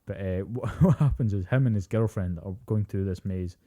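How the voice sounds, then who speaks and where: A young man co-hosting a casual podcast, his voice low and very dark. He tells stories with lots of swearing and acts out what people said. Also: normal speed. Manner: animated storytelling, heavy swearing, acts out quotes. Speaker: podcast co-host. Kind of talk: casual chat.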